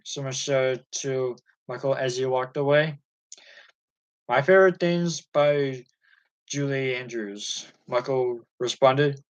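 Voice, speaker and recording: A man reading a music biography aloud chapter by chapter, in a steady and even manner. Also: medium pitch, measured pace, low-quality recording. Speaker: audiobook reader.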